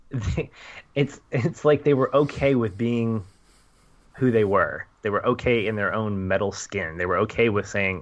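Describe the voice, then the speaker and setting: A man with a low voice gives his earnest view of a film on a podcast. He repeats words as he thinks aloud. The recording sounds slightly muffled. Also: measured pace. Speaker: podcast panelist. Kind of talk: casual film discussion.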